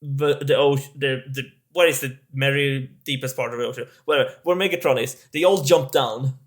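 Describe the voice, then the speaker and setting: A man's voice: mid-range voice, steady tone. A man co-hosting a casual film podcast, swearing and restarting his sentences often. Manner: halting, sweary, many restarts. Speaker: podcast co-host.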